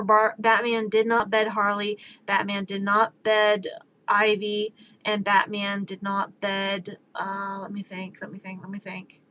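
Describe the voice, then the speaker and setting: A woman's voice: mid-range voice, dull audio, a little hiss or hum. Ranting, exasperated woman streamer. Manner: animated, exasperated ranting with laughs. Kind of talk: casual rambling chat.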